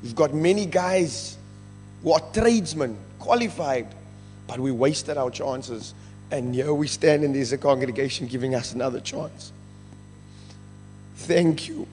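A man's voice: medium pitch, a little slow, a little mellow. A man with a South African English accent, giving an earnest, emotional testimony of thanks to a church and moving between English and Afrikaans. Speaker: rehab ministry member giving thanks. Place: large church hall. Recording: reverberant church hall with faint music.

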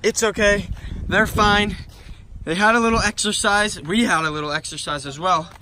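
A young man vlogging casually, excitable and out of breath after chasing animals outdoors. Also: high voice, moderate pace, slight background noise. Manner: excitable, yells in panic. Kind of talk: casual vlog narration. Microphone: handheld camera.

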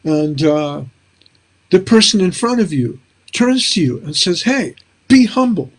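A man's voice: a little high, animated, a little slow, slight background noise. An older man hosting a casual interview, talking in a reflective, rambling way with many fillers. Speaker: host.

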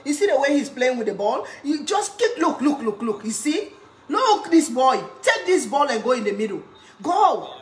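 A woman from Sierra Leone chatting casually in a cooking vlog, excitable and often laughing and shouting. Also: high-pitched, moderate pace. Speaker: cooking vlogger.

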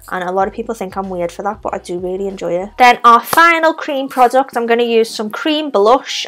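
A woman's voice: a little high, fairly bright tone. A young woman with a Scouse accent, chatting her way through a makeup tutorial step by step. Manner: chatty, talks through each step while applying makeup. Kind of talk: casual makeup tutorial narration.

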